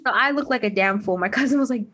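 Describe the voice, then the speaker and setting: Young woman from la on a chat podcast, kinda high voice, curses a lot, acts out everyone in the story. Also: fast talker, breathy edge. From Los Angeles. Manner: animated storyteller, swears freely, jumps to high squeaky quoted voices. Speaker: podcast co-host. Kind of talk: casual chat.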